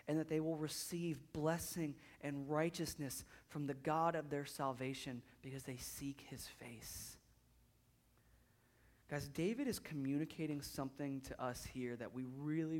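A man in his thirties preaching a sermon in a church, conversational, often repeating words as he builds up intensity. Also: medium pitch. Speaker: pastor.

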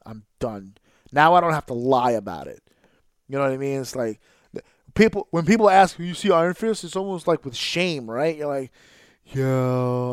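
A man hosting a podcast, ranting with exasperation and heavy swearing, now and then mimicking others in a flat, deflated tone. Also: fairly high pitch, clear, resonant tone, no echo, clean studio sound. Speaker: podcast host. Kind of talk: profane ranting podcast monologue.

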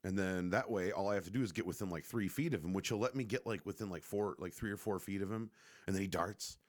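A man's voice: low-pitched, fast. A man casually telling a rambling, profane, joking story to the camera.

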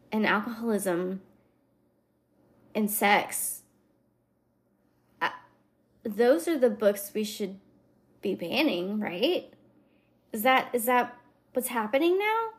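A woman's voice: on the high side, animated, slow, long pauses. A woman hosting a podcast, answering book reviews in a sarcastic, playful casual chat. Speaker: podcast host.

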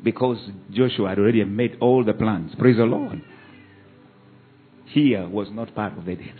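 A man's voice: on the low side, moderate pace, soft background music. Preaching man on a tinny line. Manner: call-and-response preaching, swings from shouts to hushed asides. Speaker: pastor. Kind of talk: sermon. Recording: phone-like narrow band.

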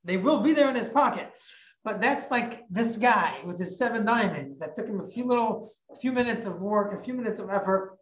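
A woman teacher telling a religious parable in an animated, emphatic way, often repeating phrases. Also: mid-range voice, fairly quick. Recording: echoey, muffled recording.

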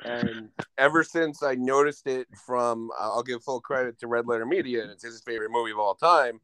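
A man talks through a movie review with friends, lively and quick to quote favorite lines. His voice sits at an ordinary pitch, recorded dry and close. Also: clean tone, no room sound, rough recording. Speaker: podcast co-host. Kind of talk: casual film review chat.

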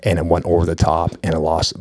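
A man co-hosting a casual podcast, telling stories in an animated, self-deprecating way and swearing when he gets worked up. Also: low-pitched, fast. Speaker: podcast co-host. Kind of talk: casual chat.

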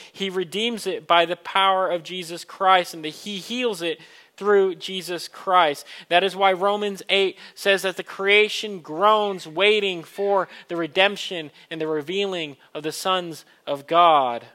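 A man's voice: sits high, bright, forceful tone. A man preaching a sermon to a congregation, earnest and building to emphatic questions. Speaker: pastor.

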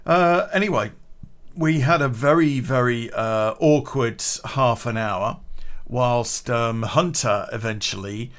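A man's voice: medium pitch, slow pace, a bit bright. A man telling a casual anecdote, chatty, swearing freely and laughing at his own story.

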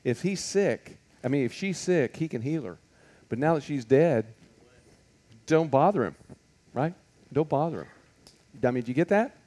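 A man's voice: on the high side, animated, moderate pace, dark tone. A man teaching a Bible lesson to a group in a conversational way, asking many rhetorical questions and stopping on fillers.

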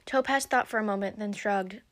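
A woman narrating a story aloud in a steady storybook reading. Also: mid-range voice, brisk.

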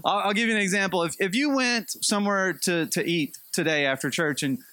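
A man's voice: sits high, fairly quick, pushed and bright, no echo. A man preaching a sermon in a conversational, storytelling way with light humor. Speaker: pastor.

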